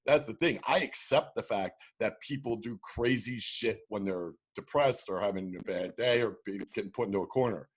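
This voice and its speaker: A man co-hosting a podcast, rambling crudely with halting restarts in casual comedic chat. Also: on the low side, husky.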